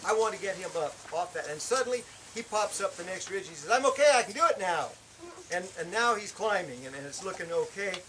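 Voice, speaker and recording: A man telling a personal testimony as a camp worship speaker, animated, acting out the shouted lines of his story. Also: high voice, brisk, hardly any pauses, poor audio. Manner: animated, acts out shouted quotes.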